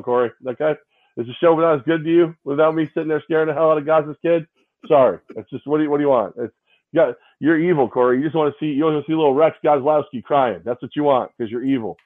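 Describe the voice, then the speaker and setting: A man's voice: fairly high pitch, quick pace. A man co-hosting a sports podcast, hungover, telling stories in a rambling way, repeating himself and mimicking other people. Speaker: podcast co-host. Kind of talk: casual sports chat. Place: separate location from co-host. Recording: tinny phone-like line.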